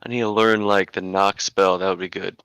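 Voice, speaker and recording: A man's voice: deep voice, flat delivery, moderate pace, fairly bright tone, smooth, soft background music, rough recording. A man playing a tabletop game, joking and self-mocking. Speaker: player. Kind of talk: casual tabletop game play.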